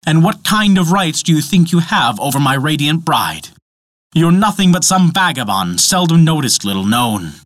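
A man's voice: fairly high pitch, very animated, normal speed, fairly bright tone, no room sound, clean studio sound, pitched above the performer's own voice. A man voicing a blunt, proud male dwarf who is testy and haughty. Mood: scornful.

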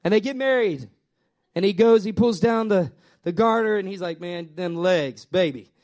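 A male pastor delivers a sermon in a fairly high voice. He talks straight to his congregation, repeating phrases and swelling to emphatic peaks before dropping back down. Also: moderate pace. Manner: animated, repetitive preaching that swells and drops; addresses the congregation directly.

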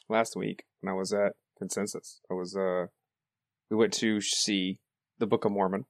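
A man co-hosting a podcast, telling a story in a relaxed, casual way with fillers. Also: fairly low pitch, no room sound, clean studio sound. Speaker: podcast co-host.

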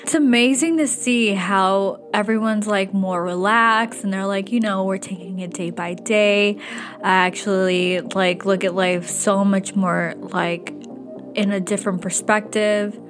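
An excitable young woman chats straight to her viewers in a loose, casual vlog. She talks at an average pitch, fills her speech with "like", and swears freely. Faint music sits quietly under her voice. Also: measured pace. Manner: excitable, chatty, heavy use of "like" and swearing. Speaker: vlogger. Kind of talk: casual chat to camera.

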